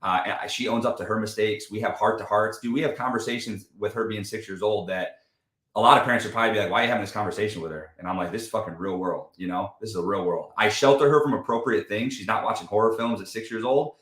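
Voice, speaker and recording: A man's voice: on the low side, quick pace, fairly bright tone, reverberant. A man talking as a podcast guest in casual chat, emphatic and profane, often saying dude and man.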